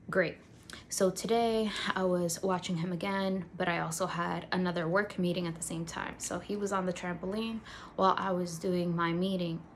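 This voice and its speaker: A woman's voice: fairly low pitch, a little hiss or hum. Chatty young woman telling a story. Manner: conversational, many "like" fillers, acts out quotes. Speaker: faith vlogger. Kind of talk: casual storytelling vlog.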